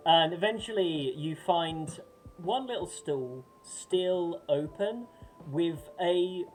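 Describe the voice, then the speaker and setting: Laid-back woman game master, low voice. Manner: laughs often, relaxed narration with fillers. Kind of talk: narrating a tabletop game.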